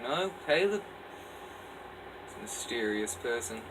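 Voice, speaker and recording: A man casually reading his own story aloud in a relaxed, offhand way. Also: mid-range voice, a little slow. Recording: distant mic, faint air-conditioner hum. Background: faint air-conditioner hum.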